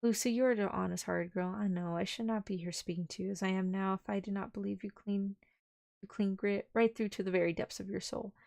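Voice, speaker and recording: A woman puts on an earnest young Texan cowboy, a hearty man who talks in homespun slang. His voice carries a gravelly edge and sits at an ordinary middle pitch. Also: steady tone, fairly quick, a little mellow, close to an everyday voice. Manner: folksy slang, hearty and sincere.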